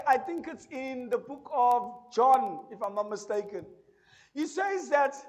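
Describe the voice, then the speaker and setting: A male pastor, preaching a sermon. He swings from loud proclamations to quiet asides and keeps asking the congregation questions. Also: extremely high pitch. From South Africa.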